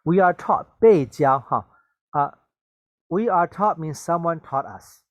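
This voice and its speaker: A man's voice: fairly high pitch, expressive, slow pace, dry recording. A man teaching English vocabulary, repeating and explaining words and slipping into glosses, checking in with "okay?" and "right?". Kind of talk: bilingual vocabulary lesson.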